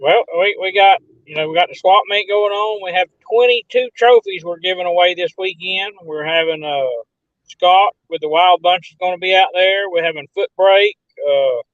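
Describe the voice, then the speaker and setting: A man's voice: sits high, normal speed, a bit bright, no echo. A man who organizes an event, joining a casual chat over a remote call. He talks loosely and says "you know" a lot. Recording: dry, muffled remote call audio.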